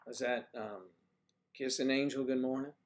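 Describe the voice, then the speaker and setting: He's a livestream host from the Washington DC area with no marked accent, chatting casually, reading comments, and poking fun at the audience. His mid-range voice has fairly even intonation and a moderate pace.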